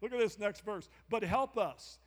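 A man with a strikingly high voice preaches a sermon to his congregation. He repeats key lines for emphasis and keeps calling on listeners to turn and respond. The sound carries a long hall reverb from the church sanctuary. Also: moderate pace. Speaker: pastor.

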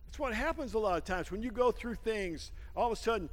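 A man preaching a lively sermon, laughing often and swinging from shouts down to hushed asides, with a folksy habit of saying "man.". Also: sits high, brisk, big-room sound. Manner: folksy, calls everyone "man". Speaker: pastor.

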